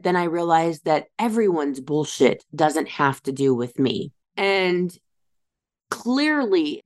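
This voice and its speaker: A woman hosting a series, talking candidly and casually about boundaries and healing in a reflective monologue. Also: low-pitched. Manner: candid, conversational, swears casually. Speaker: podcast host. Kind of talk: reflective self-help monologue.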